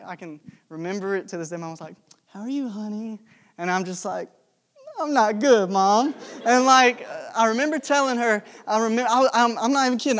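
A young man delivers a sermon as a loose, conversational story. His voice sits high for a man, and he jokes along, filling his talk with casual asides. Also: a bit bright. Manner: conversational, jokey, with many fillers. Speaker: preacher.

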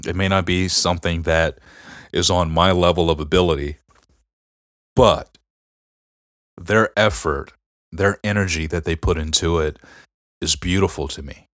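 A middle-aged man co-hosting a casual podcast earnestly tells family stories, rambling a little and leaning on fillers. His deep, low voice is steady and a bit bright, and he talks a little slowly with frequent pauses. The sound is dry and close, with no room around it.

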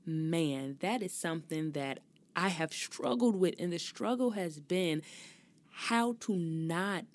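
Low-voiced woman ranting on her podcast. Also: slow. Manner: expressive, ranting, with frequent cursing. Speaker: podcast host. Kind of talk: casual solo talk.

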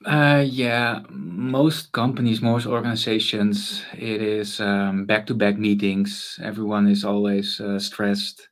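A man's voice: on the low side, steady tone, takes it slowly, hardly any pauses. A man guest in a casual interview, talking thoughtfully about making mental space, with frequent fillers and restarts.

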